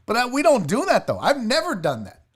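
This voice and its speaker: Animated man telling a spooky story. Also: very high voice, a little fast, slightly rough. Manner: animated storyteller who swears casually. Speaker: sports show host. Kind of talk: casual livestream storytelling.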